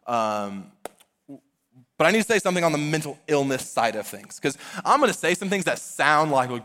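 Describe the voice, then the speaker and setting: A man's voice: a little high, lively intonation, fairly quick, a bit bright. A man in his thirties preaching a sermon, earnest and conversational, often using casual fillers. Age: 30s. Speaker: pastor.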